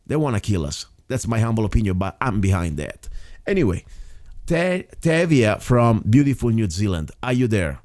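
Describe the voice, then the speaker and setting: A man's voice: fairly low pitch, sing-song, normal speed, a little mellow, dry recording, studio quality. A man hosting a radio show, speaking English in an emphatic, rambling way. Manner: emphatic, rambling, non-native phrasing. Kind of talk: casual radio talk.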